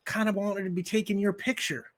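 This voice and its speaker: A bustling Old West saloon keeper, put on by a man in a raised, eager voice. He rambles in a folksy way, pitched higher than a plain speaking voice. He sounds loud and excited. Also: a little fast, close to an everyday voice.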